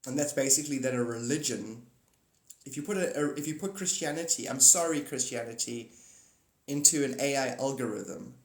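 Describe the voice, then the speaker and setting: A man's voice: medium pitch, brisk. A man hosting a livestream, rambling casually about spirituality and laughing often. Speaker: livestream host. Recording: echoey room.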